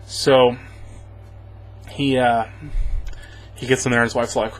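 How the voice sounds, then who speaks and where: A man's voice: mid-range voice, flat delivery, takes it slowly, pauses often, slight background noise, low-quality recording. A man casually recapping a movie for a review, rambling and sarcastic, chuckling often.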